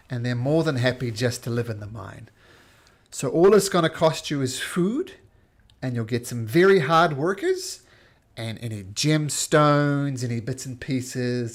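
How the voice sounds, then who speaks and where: A refined little kobold, oddly cultured for his kind, voiced by a man, pitches a deal with courteous, salesman-like persuasion. The voice is mid-pitched and close to natural speech. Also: creaky. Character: unusually cultured male kobold, smooth-talking dealmaker.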